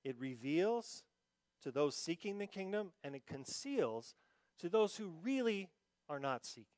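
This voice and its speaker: A male pastor preaches in a fairly high voice, talking casually and then rising into emphatic bursts before dropping low and slow. The sound is close and dry, with no room around it. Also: very animated, darkish tone, no room sound. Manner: acts out quoted listeners in mock confusion. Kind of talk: sermon.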